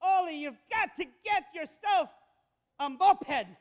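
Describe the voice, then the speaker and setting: A man's voice: extremely high pitch, takes it slowly, voice pushed up. A man voicing an eager young woman from a church joke, urging a friend with insistent coaxing. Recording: echoey hall with long reverb.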